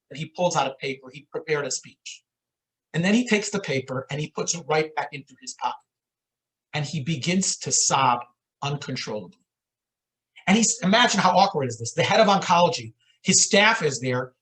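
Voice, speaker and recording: A man who is a rabbi, telling an inspirational story in the manner of a sermon, with a dramatic delivery. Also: rough recording. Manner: dramatic storyteller with lively pitch swings.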